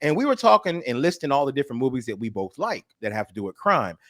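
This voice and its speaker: A man co-hosting a comedy radio show, excitable and slangy in casual banter. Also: mid-range voice, quick pace, dry recording, clean studio sound. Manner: excitable, slangy, says "bruh" a lot.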